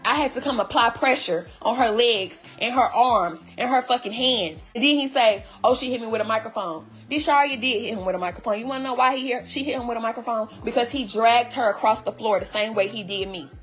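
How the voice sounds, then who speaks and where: A woman's voice: fairly high pitch, a little fast, few pauses, a bit bright, soft background music. A woman telling her story to viewers in a heated, blunt and profane way, casually addressing them directly. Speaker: vlogger recapping her relationship.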